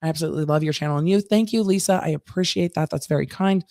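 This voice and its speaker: An American woman, a former trial lawyer, hosting a live-stream and chatting through viewer comments with quick asides. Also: deep voice, vocal fry, mellow, no echo, studio quality. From United States.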